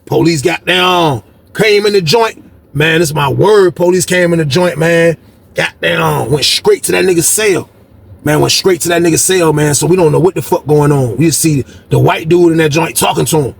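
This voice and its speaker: A man telling a story from prison life in a casual, animated way, acting out what people said with sudden jumps in voice. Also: normal speed, gravelly, a little hiss or hum. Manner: animated, acts out quotes with big pitch jumps.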